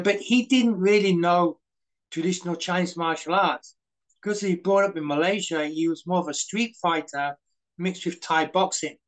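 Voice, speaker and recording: In a casual interview, a middle-aged former stuntman from Britain shares anecdotes full of fillers and quoted dialogue. His voice is a little high and a bit bright, captured in a rough recording.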